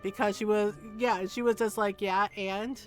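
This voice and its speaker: A woman in her forties talks straight to her stream chat, outspoken and profane, with frequent laughter. Her voice sits at an ordinary pitch for a woman. Soft music plays quietly underneath. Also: steady tone, normal speed. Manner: frank, heated and profane, laughing often. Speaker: game streamer. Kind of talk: casual livestream chat.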